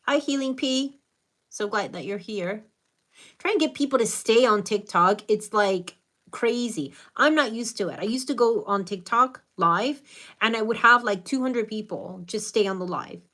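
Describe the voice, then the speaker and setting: A woman's voice: on the high side, moderate pace, a bit bright. A middle-aged American woman with a Hispanic Latin accent, hosting a live stream, greeting viewers by name and giving earnest, reflective spiritual advice. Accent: American English with a Hispanic Latin accent. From United States.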